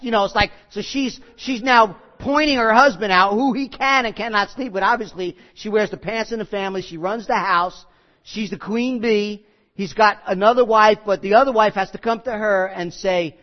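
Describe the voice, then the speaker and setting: A man's voice: high-pitched, moderate pace. A male pastor preaching a sermon in a folksy, joking way that turns earnest and emphatic. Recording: slightly muffled recording.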